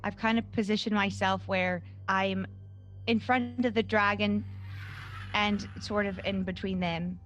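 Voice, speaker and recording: A woman playing a tabletop game, speaking in a soft, earnest, pleading manner. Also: mid-range voice, steady tone, measured pace, soft background music. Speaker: player. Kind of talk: tabletop role-play.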